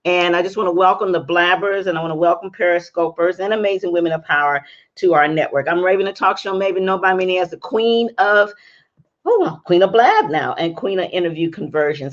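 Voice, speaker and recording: A woman's voice: lowish voice, brisk, highs cut off. Upbeat woman host, voice strained by a cold. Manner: chatty, upbeat, greets viewers by name. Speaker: talk show host and interview coach. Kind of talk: live-stream talk show.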